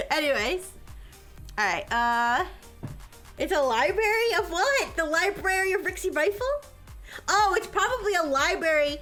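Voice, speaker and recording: A woman's voice: very high voice, big pitch swings, a little slow, pauses often, bright, forceful tone, faint music behind. A woman hosting a live stream, chatting casually and rambling, often cutting herself off and laughing. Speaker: livestream host.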